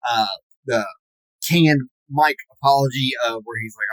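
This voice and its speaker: A man's voice: medium pitch, normal speed, a bit bright, dry recording, poor audio. A man in his forties delivering a mock-serious, self-pitying comedic rant as an aggrieved podcast fan, stretching words for dramatic emphasis. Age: 40s.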